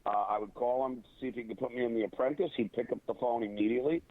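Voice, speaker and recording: A man talking as a guest in a casual interview, opinionated and halting, full of restarts and fillers. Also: medium pitch, steady tone, no echo. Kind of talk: casual interview over a phone line. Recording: tinny phone line, dry.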